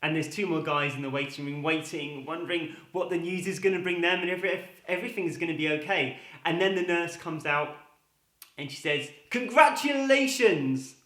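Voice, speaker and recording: Lively man telling jokes. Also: a little high, a little fast. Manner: chatty, lively storyteller. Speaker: comedy show host. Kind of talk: joke telling to camera. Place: home room. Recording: roomy echo.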